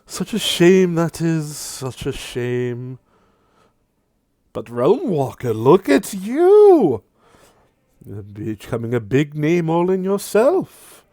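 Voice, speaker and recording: A man voicing a mocking male demon lord of lies who taunts in a gleeful, drawn-out sneer, loud and high. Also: sing-song, no room sound, clean studio sound, exaggerated voice. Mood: taunting.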